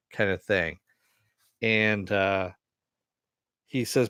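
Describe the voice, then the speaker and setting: A man's voice: deep voice, unhurried, long pauses, a bit bright, dry recording, clean studio sound. A man casually retelling a TV episode in a rambling way, full of fillers. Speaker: TV show reviewer.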